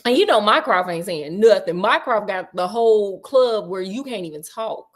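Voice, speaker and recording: At normal speed and a medium pitch, an animated young woman hosts a casual retelling of a classic story. She's chatty and sassy, uses plenty of slang, and poses questions to a listener.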